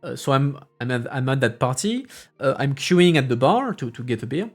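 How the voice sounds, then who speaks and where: Faint music sits behind a man in his thirties, a streamer who also works as a parliamentary assistant, as he tells stories on a casual stream. His medium-pitched voice swings widely in pitch at a moderate pace, and he rambles with many restarts and filler sounds, his French accent mixed with English accents.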